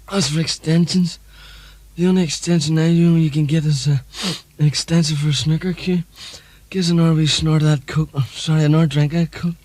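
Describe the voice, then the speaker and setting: A boozy, rambling snooker player with a husky voice, done by a man. He wanders off mid-sentence and talks with a tipsy looseness. The sound is dry and close. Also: a little high, darkish tone, dry recording, lightly acted.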